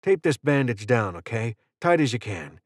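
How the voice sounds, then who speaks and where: A man's voice: mid-range voice, sing-song, normal speed, no room sound, clean studio sound. A man voicing a wounded, wry male soldier in an audiobook, terse and short of breath. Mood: gruff.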